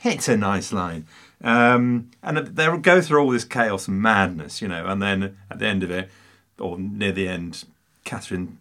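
A man's voice: on the low side, unhurried, pushed and bright. A man co-hosting a casual film discussion, theatrical and emphatic, with a teasing way of arguing his point. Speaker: podcast co-host.

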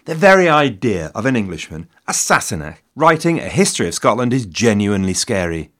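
English man in his fifties, solo history podcast host, wry, self-mocking, swooping animated delivery. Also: on the low side, a little fast. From England. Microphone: studio mic in a shed.

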